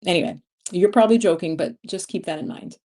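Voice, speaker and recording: A woman's voice: lowish voice, fast. A woman in her fifties hosting a casual livestream, chatting and laughing as she reads viewer comments. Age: 50s. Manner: chatty, laughs often, animated storytelling. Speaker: livestream host.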